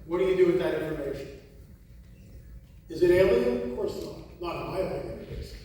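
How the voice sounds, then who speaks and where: A man's voice: high-pitched, brisk, a little hiss or hum. Guy giving a talk, lots of "why not?" questions, really echoey far-off hall sound. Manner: animated, rhetorical questions. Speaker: conference speaker. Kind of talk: lecture to a live audience.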